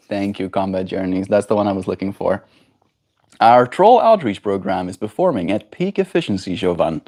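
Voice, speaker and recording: A young man streaming live, chatting casually with his viewers and reading their messages with easy chuckles. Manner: slow, relaxed, reads chat aloud and chuckles; high, sing-song baby talk to his pet bird.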